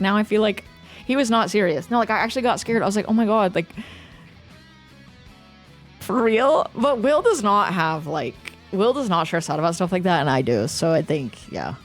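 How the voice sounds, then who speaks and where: Brisk and lively in intonation, a woman with a medium-pitched voice hosts a livestream, casually chatting with viewers. She curses freely and dotes on her pet while faint music plays.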